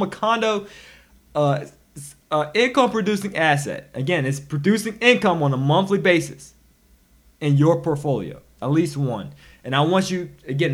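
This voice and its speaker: Emphatic, animated male finance coach. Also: a little high. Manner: animated and preachy, with sudden loud emphatic bursts. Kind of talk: motivational financial lesson. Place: recorded instruction.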